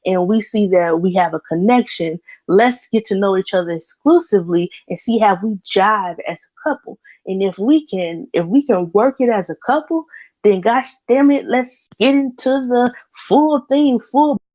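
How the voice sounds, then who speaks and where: A woman's voice: mid-range voice, darkish tone, poor audio. A woman hosting a solo rant podcast, blunt and opinionated, rambling with restarts and cursing freely, talking into a computer mic. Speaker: podcast host. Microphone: computer mic via voice chat recording bot.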